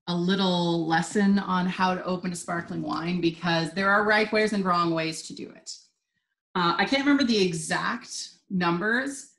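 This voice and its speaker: A woman teaching a live online wine tasting, chatty and upbeat. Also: on the low side. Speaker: wine instructor. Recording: roomy echo.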